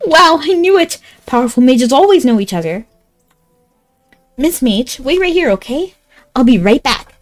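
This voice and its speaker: A woman's voice: sits high, very animated, moderate pace, pauses often, soft background music, pitched above the performer's own voice. A woman voicing a small, earnest village girl who lost her cat and asks for help. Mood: grateful. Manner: earnest, pleading.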